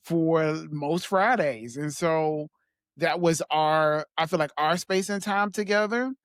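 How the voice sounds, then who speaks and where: A man as a podcast guest, talking in a soft, halting way with small laughs as he reflects on personal memories. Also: fairly high pitch, smooth, no room sound, clean studio sound.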